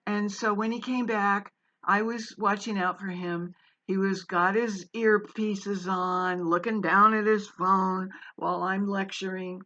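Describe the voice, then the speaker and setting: A woman, once a college English teacher, recounts a classroom memory in a casual, unhurried ramble full of fillers and self-corrections. Her pitch sits at an ordinary middle level. The recording sounds a little dull and muffled. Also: fairly even intonation, bright, forceful tone. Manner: meandering, with frequent fillers and restarts. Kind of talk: casual personal storytelling.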